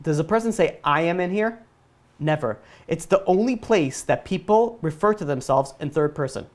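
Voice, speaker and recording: A man's voice: a little high, lively intonation, normal speed, a little mellow. A man teaching a casual Torah lesson as a rabbi, retelling the story with jokes and side tangents. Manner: joking, digressive storytelling.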